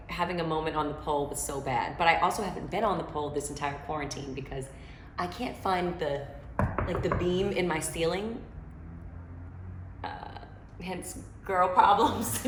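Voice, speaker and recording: A woman's voice: low voice, fairly bright tone, roomy sound, a little hiss or hum. A woman singer chatting from home as she answers fan questions, loose and slangy with plenty of filler. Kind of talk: casual chat. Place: her home.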